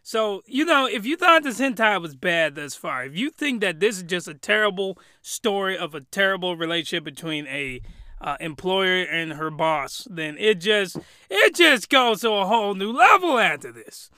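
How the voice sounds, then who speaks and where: High, very bright ranting man. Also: lively intonation, moderate pace, clean tone, dry recording, clean studio sound. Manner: rambling, exclamatory, loose and colloquial. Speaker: anime reviewer. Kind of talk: comedic review rant.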